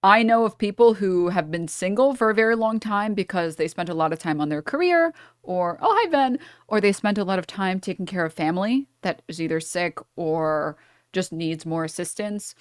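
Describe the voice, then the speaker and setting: A woman streamer reacting to a clip, chatty and wry with firm opinions. Her voice sits a bit low for a woman, and the sound is dry and close. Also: expressive, moderate pace, clear, resonant tone, dry recording. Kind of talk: casual reaction commentary.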